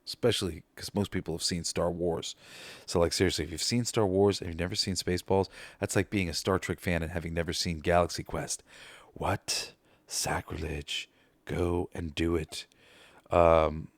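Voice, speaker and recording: A man hosting a podcast, chatting casually and excitedly about favorite comedy films, swearing and laughing as he retells scenes. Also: low-pitched, normal speed, no room sound. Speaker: podcast host. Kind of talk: casual movie ranking chat.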